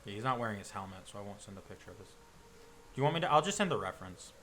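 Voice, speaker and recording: A man's voice: on the low side, expressive, racing, sharp tone, a little hiss or hum. A man running a tabletop game as game master, narrating loosely with lots of fillers and restarts.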